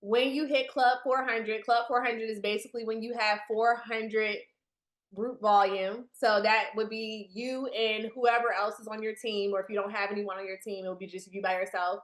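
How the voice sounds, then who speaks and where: A woman leads a business training session for new team members over a video call, chatting easily and addressing her listeners directly. Her medium-pitched voice holds a level tone at a moderate pace, and the sound is roomy.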